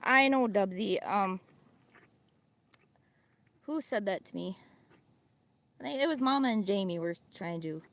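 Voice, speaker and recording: A woman's voice: on the low side, fairly bright tone. A woman with a Midwestern accent hosting a casual livestream outdoors on a farm, chatty and laughing often as she talks to her viewers and animals. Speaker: livestream host.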